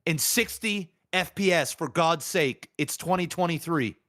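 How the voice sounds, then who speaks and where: A man's voice: fairly high pitch, measured pace, sharp tone, no room sound, studio quality. A man co-hosting a podcast, making blunt, emphatic remarks in casual chat. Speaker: podcast co-host.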